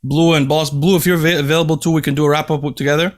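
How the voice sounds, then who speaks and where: Fast, lively high-voiced man. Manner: animated, laughs while telling stories. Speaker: podcast host. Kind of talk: casual podcast chat. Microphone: remote call mic.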